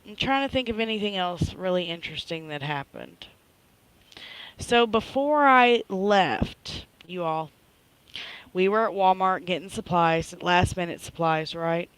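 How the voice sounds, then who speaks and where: A woman's voice: on the low side, a little slow, clean tone, dry recording, rough recording. A middle-aged woman, hosting a live stream and chatting casually as she retells a story, often checking in with listeners. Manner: chatty, animated retelling with frequent "right?".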